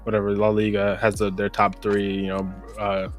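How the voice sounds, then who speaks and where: Low, laid-back American podcast host. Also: male voice, completely flat delivery, normal speed, faint music behind. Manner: rambling, laid-back, lots of "bro". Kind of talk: casual sports podcast chat.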